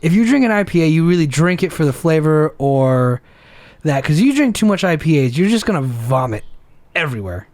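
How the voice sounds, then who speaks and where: A young man co-hosting a casual podcast over beers, rambling and laughing often, jumping into high voices when imitating people. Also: sing-song, brisk, a little mellow, no echo. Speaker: podcast co-host.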